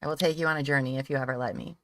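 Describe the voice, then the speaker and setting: A woman hosting a relaxed livestream chat, talkative and giggly, gushing about her favorite shows. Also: rumbling low, rapid-fire, slight background noise. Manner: chatty and giggly, gushes over favorite shows. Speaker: livestream host. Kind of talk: casual chat.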